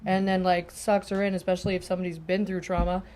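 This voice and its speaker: A woman's voice: lowish voice, little pitch movement, fast, darkish tone, slight background noise. An older woman speaking frankly from personal experience as a guest on a panel discussion.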